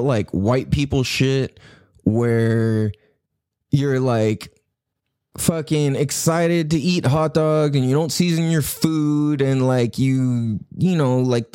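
Lively, rambling, profane man. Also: fairly high pitch, dry recording, studio quality. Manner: rambling, profane, laughing, slips into quick impressions. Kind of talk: casual monologue.

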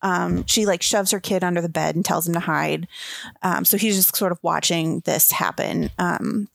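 A woman co-hosting a casual podcast who sums up scenes in a relaxed way with lots of fillers. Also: on the low side, normal speed, creaky, dry recording, clean studio sound. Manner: relaxed, filler-heavy summarizing. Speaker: podcast co-host. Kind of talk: casual chat.

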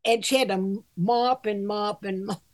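This is a relaxed podcast chat about grooming, co-hosted by an older woman who runs a shop and grooms dogs herself. Her mid-range voice moves a little slowly, and the recording carries no room sound. She's candid and self-mocking, with plenty of laughter and free swearing.

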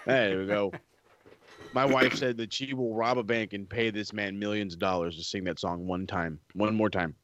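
A man's voice: on the low side, fairly even intonation, normal speed, a bit bright, muffled recording, a little hiss or hum. A married man co-hosting a casual wrestling podcast, joking, cursing freely and mocking accents. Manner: joking, profane, mocks accents. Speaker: podcast co-host.

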